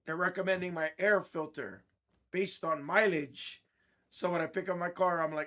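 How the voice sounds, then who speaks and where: A man, a host of a card-breaking stream, telling a blunt, irritated story in casual chat, clearing his throat often. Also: high-pitched, fairly even intonation, moderate pace, bright, forceful tone.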